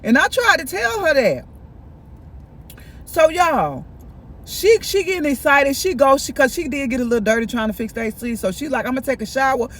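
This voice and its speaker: A man chatting in a casual storytime vlog, animated and gossipy, talking straight to his viewers. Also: very high-pitched, moderate pace. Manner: animated, gossipy, keeps addressing viewers directly. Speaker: vlogger. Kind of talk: casual storytime while eating.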